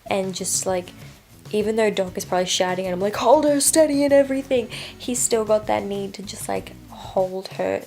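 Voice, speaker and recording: A woman's voice: mid-range voice, little pitch movement, moderate pace, vocal fry, a little mellow. A woman vlogging a casual reading update soon after waking, chatty and rambling with lots of fillers. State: just woken up. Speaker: book vlogger.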